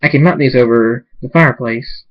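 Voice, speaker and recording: A man voicing a sadistic male pony villain who speaks in a flat, unhurried, taunting way, on a dull lo-fi mic. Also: medium pitch, lightly acted.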